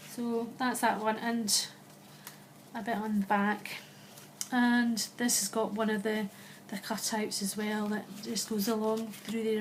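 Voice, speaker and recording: A Scottish woman casually walking through her handmade album, chatty and unhurried, often pausing to find the right word. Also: a little high, slight background noise. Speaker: crafter showing a handmade album. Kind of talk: casual show-and-tell walkthrough.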